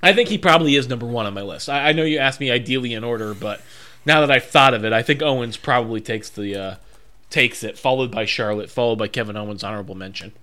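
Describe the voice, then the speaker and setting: A man's voice: medium pitch, quick pace, sharp tone. A man co-hosting a casual chat, giving strong opinions and thinking aloud with frequent ums. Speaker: podcast co-host.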